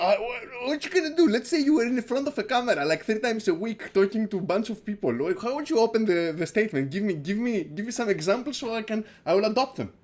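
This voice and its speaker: Rambling, swearing crypto stream host man. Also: fairly high pitch. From Greece. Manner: rambling, repeats words, swears, laughs often. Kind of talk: casual livestream chat.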